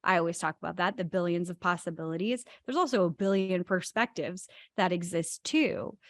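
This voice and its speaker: A woman's voice: lowish voice, brisk, dry recording, clean studio sound. A woman co-hosting a spiritual talk show, stressing key words as she explains ideas. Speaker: podcast co-host.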